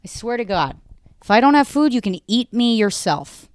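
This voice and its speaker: A woman's voice: on the high side, sing-song, normal speed, darkish tone. An American woman in her thirties hosting a podcast, rambling through a casual solo monologue, self-mocking and swearing often. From United States. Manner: talks to her dog mid-show. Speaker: podcast host.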